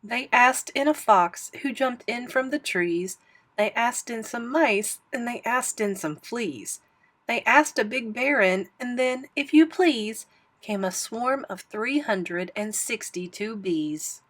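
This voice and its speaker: A woman reading a rhyming picture book aloud in an expressive, sing-song manner. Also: fairly high pitch, slow pace. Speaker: storybook reader.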